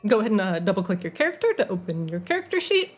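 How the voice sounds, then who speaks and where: A woman's voice: mid-range voice, big pitch swings, racing, faint music behind. A woman narrating and explaining the rules as game master of a tabletop role-playing game, chatty with many fillers.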